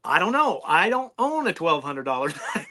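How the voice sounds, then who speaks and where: A man with a fairly high, bright, forceful voice, chatting casually as a podcast guest. He rambles and restarts his sentences as he works through a point. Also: sing-song, moderate pace, a little hiss or hum. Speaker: knife reviewer guest.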